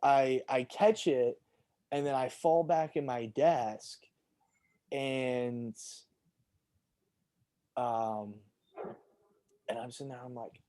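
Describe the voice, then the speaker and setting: A man co-hosting a podcast, telling childhood stories in casual chat and jumping high in pitch when quoting himself. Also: fairly even intonation, takes it slowly, pauses often, mellow, dry recording. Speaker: podcast co-host.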